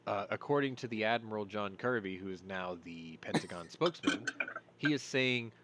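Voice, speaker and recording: A man's voice: lowish voice, normal speed, fairly bright tone, a little hiss or hum. A man hosting a casual news commentary show, rambling, going off on tangents and apologizing for them. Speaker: host.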